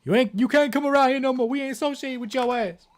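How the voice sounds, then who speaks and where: A man's voice: extremely high pitch, fast talker, pitched above the performer's own voice. A man voicing a personified country as a rude, slangy man who brushes someone off. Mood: dismissive. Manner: brusque, slangy, dismissive.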